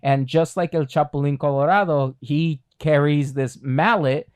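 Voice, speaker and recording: A man's voice: a little high, steady tone, normal speed, smooth. A man co-hosting a podcast, talking casually from the United States with a rambling, filler-heavy delivery. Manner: rambling, many fillers and restarts. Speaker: podcast co-host. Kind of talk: casual chat.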